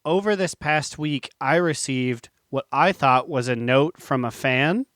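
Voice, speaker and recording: Smooth-voiced podcast co-host man. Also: mid-range voice, unhurried, a bit bright, no echo. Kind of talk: casual gaming podcast chat.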